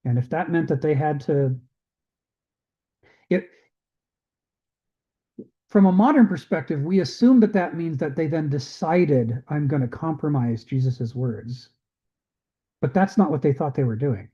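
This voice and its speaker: Male discussion host, higher voice, animated lecturer, muffled call audio. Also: a little slow, long pauses. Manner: animated, acts out quoted voices. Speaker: host of an online discussion group. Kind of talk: casual lecture-style chat.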